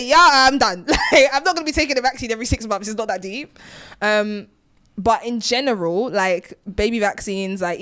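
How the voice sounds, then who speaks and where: A woman's voice: medium pitch, dry recording. Emphatic British-Nigerian woman podcaster. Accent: British with Nigerian lilt when passionate. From Nigeria and Britain. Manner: emphatic, fillers of "like". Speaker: podcast co-host. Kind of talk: casual chat.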